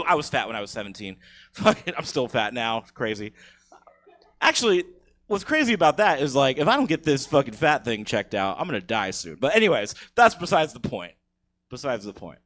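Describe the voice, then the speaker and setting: Bright-voiced young man telling crude stories. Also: mid-range voice. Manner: animated, crude, laughs at his own jokes. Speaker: comedian telling a story. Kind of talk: profane stand-up storytelling. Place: live comedy theater stage.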